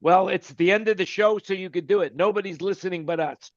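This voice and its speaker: A man hosting a casual online panel chat. He talks in a jokey, rambling way and trails off quietly at the ends of his lines. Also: sits high, brisk, no room sound. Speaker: host. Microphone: video call. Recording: dull dry call audio.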